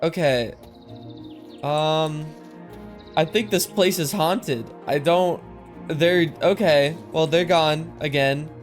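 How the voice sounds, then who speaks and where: A man's voice: a little high, slow, pauses often, soft background music. A man giving casual, rambling game commentary, easily amused, his esses sounding a bit lisped through his microphone filters. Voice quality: lisp-like sibilance from mic filters. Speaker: gaming commentator. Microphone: desk mic with processing filters.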